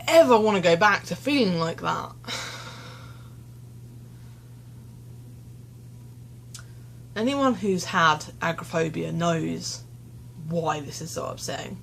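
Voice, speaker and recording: Recording on her phone camera, a young woman shares a candid confessional vlog, rambling and self-deprecating as she sounds tearful and shaken. She has a low, creaky voice, and there is slight background noise.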